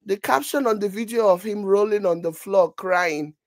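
A woman's voice: mid-range voice, moderate pace, no room sound. A woman with a Nigerian accent giving casual, mocking commentary on a video while scrolling for screenshots. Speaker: vlogger reacting to a video.

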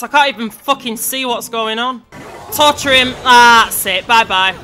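A woman giving sweary, shouty, frustrated let's-play commentary over her gameplay. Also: on the high side, normal speed, faint music behind.

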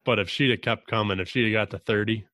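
Low, flat-voiced man telling hunting stories. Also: dry recording. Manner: relaxed, drawn-out storytelling with mild cursing. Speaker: podcast host. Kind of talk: casual hunting chat.

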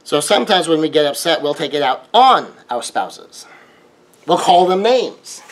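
A man's voice: a little high, big pitch swings, unhurried. A middle-aged man, talking through relationship advice in a conversational monologue and now and then acting out quoted exchanges. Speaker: relationship teacher. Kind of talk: casual monologue.

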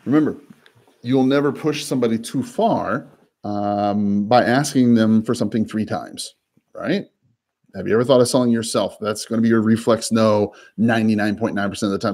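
A man working as a real estate broker, coaching in a quick, chatty way and often repeating words and laughing. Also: fairly low pitch, lively intonation, a little mellow. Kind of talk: coaching talk with live cold calls.

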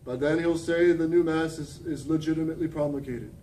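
A man preaching a fervent sermon as a priest, often dropping to a quiet, intense emphasis. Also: steady tone, a little fast. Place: church. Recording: distant mic with faint rumble.

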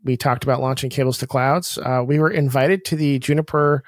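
A man hosting a podcast in casual chat, recapping the year at a steady, friendly pace. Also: mid-range voice, brisk, dry recording, clean studio sound. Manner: steady, recap-style storytelling. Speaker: podcast host.

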